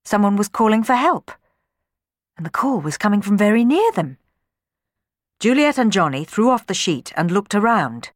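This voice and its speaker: Woman with a lively storybook narration. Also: medium pitch, normal speed, long pauses, no room sound, clean studio sound. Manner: expressive, dramatic reading.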